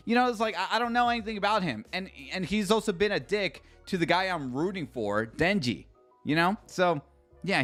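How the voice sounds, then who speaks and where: A man's voice: high voice, fairly bright tone. A man streaming a live manga reaction, ranting with profanity and sarcasm and reading out chat comments.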